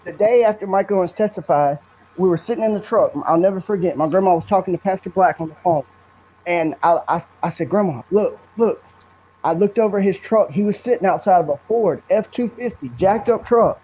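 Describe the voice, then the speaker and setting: High-voiced man telling blunt stories. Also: a little fast, slight background noise. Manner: earnest, blunt, rambling Southern storytelling. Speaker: guest, brother of the subject. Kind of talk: emotional storytelling in a podcast interview. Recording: dull lo-fi recording.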